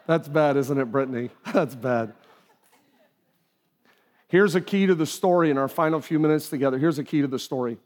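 A man's voice: fairly high pitch, normal speed, long pauses. A man preaching a sermon as pastor, talking conversationally, acting out quoted voices. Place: church auditorium. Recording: live hall with long reverb.

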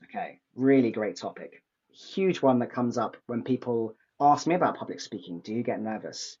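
A man hosting an interview podcast, speaking calmly as he sums up points and asks questions. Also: medium pitch, normal speed, husky. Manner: calm, summarizing, asks questions. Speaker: podcast host. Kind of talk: conversational interview. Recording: dull lo-fi mic.

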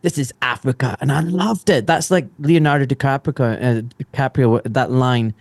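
A Scottish man in his forties from Glasgow, chatting casually as a podcast guest, animated and quick to laugh. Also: mid-range voice, dry recording. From Scotland. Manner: animated, laughs often, swears mildly. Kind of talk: casual chat.

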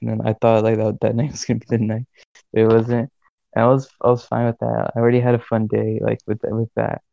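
A man's voice: fairly low pitch, completely flat delivery, fairly quick, gravelly, mellow, dry recording, highs cut off. A young man in his late teens, co-hosting a podcast, telling a story in a laid-back way full of filler words. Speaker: podcast co-host. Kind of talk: casual storytelling chat.

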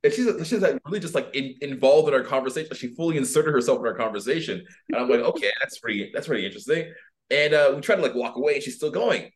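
A man's voice: medium pitch, fast talker. A man, a dating coach on a podcast, telling a story casually with lots of fillers and acted-out voices. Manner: animated, filler-heavy, acts out voices. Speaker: dating and personal development coach, guest.

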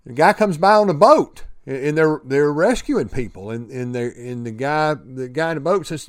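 A man's voice: fairly high pitch, expressive, moderate pace, hardly any pauses, no echo, clean studio sound. A man giving an earnest motivational talk about prayer and recovery, often repeating words and restarting sentences. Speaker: speaker sharing faith and recovery.

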